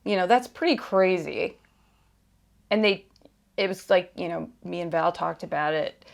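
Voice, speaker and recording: Earnest woman podcast host, lowish voice. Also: a little slow, vocal fry. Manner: candid, earnest, conversational with frequent fillers and restarts; grows emphatic and exasperated in places. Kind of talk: personal podcast talk.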